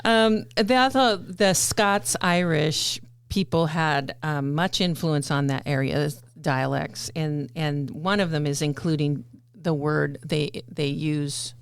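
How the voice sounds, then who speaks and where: A woman co-hosting a library podcast, chatting casually and often pausing with fillers as she thinks aloud. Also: low-pitched, creaky, clean tone. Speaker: podcast co-host. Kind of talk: casual chat.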